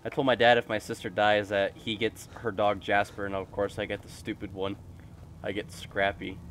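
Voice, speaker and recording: A man's voice: lowish voice, flat delivery, moderate pace, a bit bright, faint music behind. A man streaming a video game, chatting casually in a goofy, rambling, jokey way. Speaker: gaming streamer.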